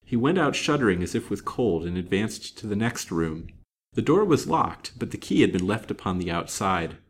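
A man reading a serialized novel aloud in a measured, dramatic way. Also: fairly low pitch, sing-song, a little hiss or hum. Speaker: storyteller.

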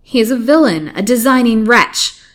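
A woman's voice: mid-range voice, normal speed, close to an everyday voice. A woman voicing a frightened young woman held captive, pleading and crying out in a storybook reading. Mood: indignant. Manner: imploring, rising to frantic outbursts.

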